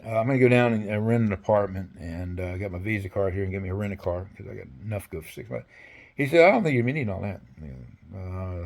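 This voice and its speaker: A man's voice: fairly low pitch, fast talker, creaky. An older man, an interview guest, telling a rambling story with frequent laughs and acted-out dialogue. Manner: animated, laughs often, acts out both sides of dialogue.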